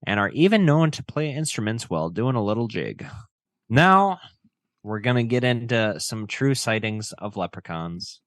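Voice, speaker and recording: Laid-back low-voiced male podcast host. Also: dry recording. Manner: relaxed, joking, swears casually. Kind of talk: casual podcast chat and reading stories.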